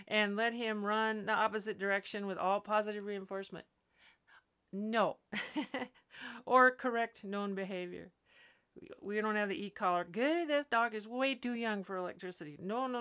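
A woman's voice: medium pitch, a bit bright. A woman dog trainer hosting a podcast, giving blunt, emphatic advice in a casual way. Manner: blunt, emphatic, laughs between points.

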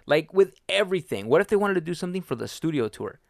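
A man's voice: on the high side, very animated, fast talker, vocal fry, no room sound, studio quality. A man in a casual podcast chat about theme parks, opinionated, hedging at first and then blunt.

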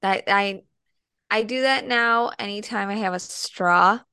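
A woman's voice: medium pitch, a little slow, bright, forceful tone, clean tone, no room sound, studio quality. A woman from the American Midwest co-hosting a podcast in casual chat, squeamish and full of fillers. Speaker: podcast co-host.

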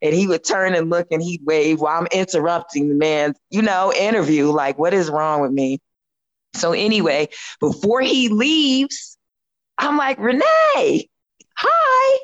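A woman in her fifties, a podcast guest telling a long story in casual chat, animated and laughing often as she acts out what she said. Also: low voice, normal speed, no room sound, dull audio.

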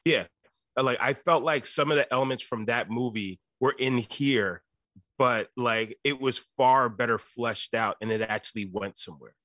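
A man's voice: medium pitch, moderate pace, pushed and bright, dry recording, studio quality. A man co-hosting a podcast, chatting casually and profanely about a movie and acting out scenes in quoted voices. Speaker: podcast co-host. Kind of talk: casual movie review chat.

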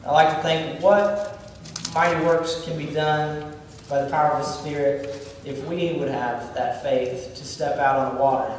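Picked up by a distant mic in an echoey hall with faint room noise, this Bible study leader has a slightly high voice, a steady tone, and a measured pace with few pauses. His informal teaching is conversational, with many fillers and restarts.

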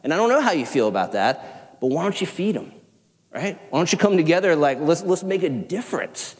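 A man with a Southern accent, a pastor preaching a sermon in an animated, conversational way with self-deprecating asides. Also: fairly high pitch, fairly quick. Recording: long hall reverb.

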